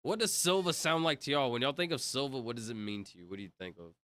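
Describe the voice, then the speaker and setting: A man's voice: mid-range voice, fast talker, a bit bright, no echo. A young man livestreaming, chatting casually with viewers in a rambling way full of fillers. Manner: rambling, talks to chat, many fillers.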